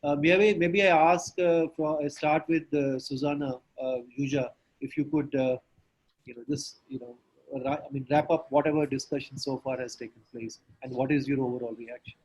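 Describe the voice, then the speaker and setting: A man's voice: mid-range voice, fairly even intonation, moderate pace, darkish tone, husky, lo-fi sound. A man moderating an online panel discussion, filling his turns with many hesitations. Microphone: remote video call.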